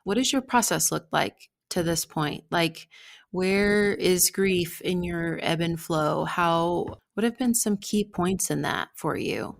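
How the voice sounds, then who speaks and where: A woman hosting a podcast interview, gently affirming her guest and asking questions. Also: lowish voice. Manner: slow, gravelly, gently affirming. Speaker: podcast host. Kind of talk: interview conversation.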